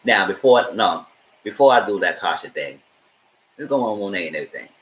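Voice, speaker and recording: A man giving a casual live stream recap of a TV show, retelling scenes in a lively way and acting out what the characters say. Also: on the low side, fairly quick, echoey room. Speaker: TV show reviewer.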